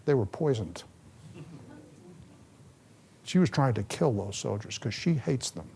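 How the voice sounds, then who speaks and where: A man, a former ambassador, giving a public talk and answering questions, with lively storytelling and a restless manner. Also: medium pitch, normal speed. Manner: animated storytelling, restless, moves around.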